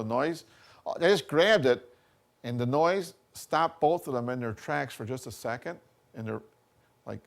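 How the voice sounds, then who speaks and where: A man's voice: mid-range voice, gravelly. A man giving a college workshop talk, chatty and full of anecdotes, often checking in with "you know" and "okay?". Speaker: workshop speaker.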